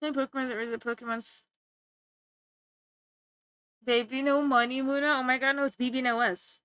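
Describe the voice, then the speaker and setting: A woman's voice: sits high, little pitch movement, moderate pace, bright, forceful tone, clear, resonant tone, no room sound, clean studio sound. A young woman streamer chatting playfully with her viewers, teasing and giggling as she talks. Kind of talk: casual chat with stream viewers.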